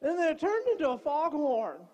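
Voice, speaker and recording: A middle-aged male pastor preaching a sermon full of comic personal stories, in an animated, joking preacherly way. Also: very high-pitched, normal speed, a little hiss or hum. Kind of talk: humorous sermon storytelling.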